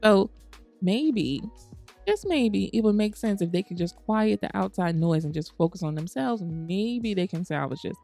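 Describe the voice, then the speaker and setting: A woman's voice: lowish voice, moderate pace, gravelly, few pauses, a little mellow, faint music behind. A woman hosting a gaming channel, chatting casually through gameplay and saying things like "y'all" and "girl".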